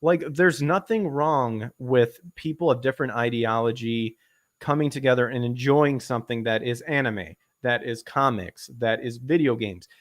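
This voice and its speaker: A man in casual podcast chat, ranting and swearing, his pitch jumping up when he gets worked up. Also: normal speed, no echo, studio quality. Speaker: podcast host.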